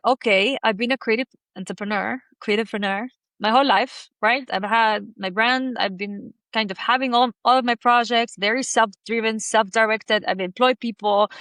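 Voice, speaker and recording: A woman's voice: a little high, a bit bright, no echo. A woman in her thirties from Argentina with an Argentine accent, telling her story as a podcast guest in a chatty way full of fillers. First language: Spanish. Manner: chatty, lots of "like" and "you know" fillers. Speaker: guest, fashion designer.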